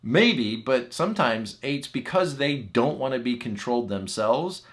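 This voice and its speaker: A man working as a relationship coach teaches personal growth in a chatty, conversational style, often asking the listener "right?" and acting out example phrases in lively voices. His voice is mid-range and unhurried.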